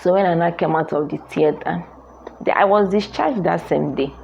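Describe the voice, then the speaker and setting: A woman's voice: fairly low pitch, moderate pace, vocal fry, darkish tone, slight background noise. A young Nigerian woman vlogger with a Nigerian accent, telling her own story in an earnest, emphatic way that repeats phrases for weight. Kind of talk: personal storytelling to camera. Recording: dull lo-fi sound.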